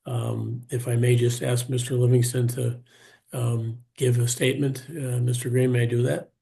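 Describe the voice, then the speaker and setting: A man representing a bar at a hearing, questioning a witness in a halting way, full of fillers, over a video call. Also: medium pitch, little pitch movement, gravelly, mellow. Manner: halting, hesitant, many fillers.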